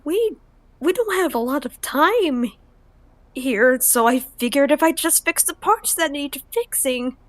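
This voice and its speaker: A woman's voice: sits high, animated, unhurried, dry recording. A woman voicing a timid, anxious young female writer who stammers and mumbles. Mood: hesitant. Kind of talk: fan voice acting of a visual novel.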